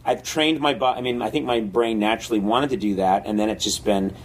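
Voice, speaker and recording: An older man, a comedy writer and guest, talking casually with many fillers and animated storytelling. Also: lowish voice, brisk, breathy edge, rough recording. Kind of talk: casual conversation.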